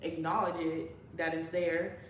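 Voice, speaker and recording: Animated young woman in an echoey room. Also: sits low, a little slow. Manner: animated, laughs often, acts out quoted lines. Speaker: podcast co-host. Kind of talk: casual chat. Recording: very echoey room with faint background hum.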